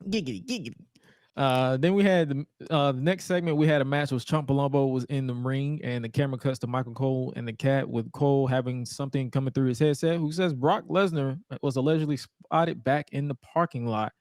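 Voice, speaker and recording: A man's voice: mid-range voice, fairly even intonation, brisk, hardly any pauses, darkish tone, clear, resonant tone, no echo, clean studio sound. A man co-hosting a podcast, recapping old wrestling shows in a laid-back, joking, profane way. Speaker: podcast co-host. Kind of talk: casual wrestling recap chat.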